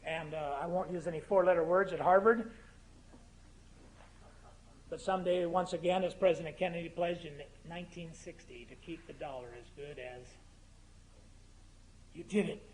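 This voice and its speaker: A man's voice: a little high, steady tone, moderate pace, pauses often, a little mellow. A man in his fifties giving a political speech in a university lecture hall, building to fervent, emphatic crescendos between humorous asides. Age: 50s. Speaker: guest speaker.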